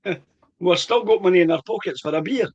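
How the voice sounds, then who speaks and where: A man's voice: high-pitched, fairly quick, lo-fi sound. A middle-aged man with a Scottish accent, chatting enthusiastically during a whisky tasting. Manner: chatty, laughs often, enthusiastic. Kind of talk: casual tasting chat.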